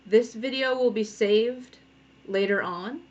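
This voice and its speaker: A woman's voice: a little high, slow pace, a little mellow. Rhode Island woman chatting while drawing. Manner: chatty, encouraging, thinking aloud while drawing. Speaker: comic artist. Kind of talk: live draw-along tutorial. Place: home studio. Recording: dull lo-fi sound with faint noise.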